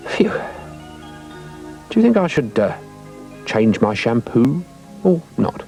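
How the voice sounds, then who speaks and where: A man's voice: mid-range voice, big pitch swings, takes it slowly, creaky, a little mellow, soft background music, exaggerated voice. A man voicing a fussy, vain older man with a puffing, self-important manner.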